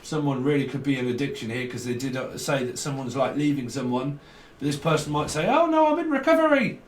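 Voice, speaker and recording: In a steady, medium-pitched voice and at a slightly fast pace, a tarot reader jokes and rambles casually, chuckling between ideas. His voice carries a roomy echo from the distant mic, plus faint noise.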